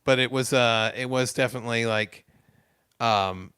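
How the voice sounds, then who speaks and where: A bright-voiced, loud podcast co-host jokes through casual chat at a moderate pace, his medium pitch fairly even. His tone is clear and resonant, recorded with clean studio sound and no room sound.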